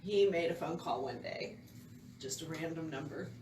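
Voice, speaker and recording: A woman's voice: deep voice, normal speed, a little mellow. A woman co-hosting a casual chat show who tells stories animatedly and laughs easily. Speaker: co-host. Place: home den. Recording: roomy, distant mic, faint hiss.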